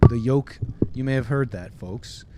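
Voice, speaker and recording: A man's voice: medium pitch, unhurried, heavy background noise. A man hosting a livestream, reading viewer messages aloud and joking his way through a mock airline-pilot bit in casual, playful banter. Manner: playful, mock-announcer patter.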